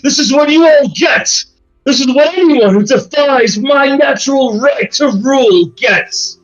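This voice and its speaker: A man's voice: very high voice, unhurried, pitched above the performer's own voice. A man voicing Chase, an arrogant gloating male tyrant, in a tabletop game. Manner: gloating, commanding. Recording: dull lo-fi audio with faint music.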